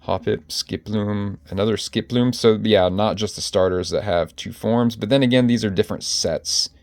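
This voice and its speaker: A man's voice: fairly low pitch, normal speed, a little mellow, dry recording. A man chatting casually to his viewers as he pages through his card collection, often correcting himself mid-sentence. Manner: chatty, self-correcting, addresses viewers directly. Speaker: collector vlogger.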